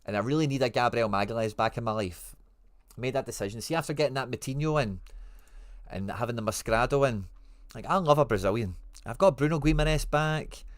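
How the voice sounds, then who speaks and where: A man's voice: mid-range voice, fairly quick, no echo, clean studio sound. A man with a Scottish accent hosting a casual livestream, reading out viewer comments and answering them in informal, friendly slang. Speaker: livestream host.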